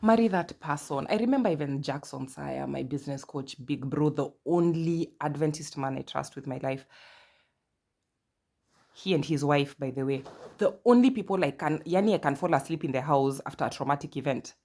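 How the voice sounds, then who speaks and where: Kenyan woman in her 30s, low voice, rambling chatty podcast talk full of little stories. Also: normal speed. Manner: chatty, animated storytelling with asides and quoted dialogue. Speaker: podcast host. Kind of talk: casual personal monologue.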